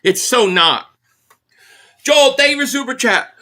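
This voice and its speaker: Bright and forceful, the voice of a furious football reaction streamer swings widely in pitch from line to line, with lively intonation and a measured pace. He swears bluntly, reads viewer messages aloud, and keeps circling back to one complaint.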